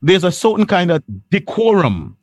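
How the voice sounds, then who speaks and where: A man's voice: sits high, very animated, moderate pace, darkish tone, dry recording. A man hosting a panel discussion who steers the talk and often repeats his phrases. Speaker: host.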